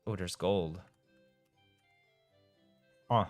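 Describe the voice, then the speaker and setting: A man's voice: lowish voice, steady tone, slow pace, pauses often, darkish tone, clear, resonant tone, soft background music. A young man from Europe, chatting casually on a game live stream, reading out and answering chat and laughing often. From Eastern Europe. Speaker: gaming streamer.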